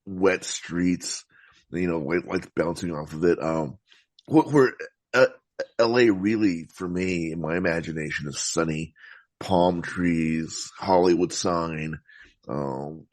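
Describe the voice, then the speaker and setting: A man talking about films as a podcast guest, in a thoughtful, meandering way with frequent halting restarts. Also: low-pitched, no echo. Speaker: podcast guest, film critic. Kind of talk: casual film discussion.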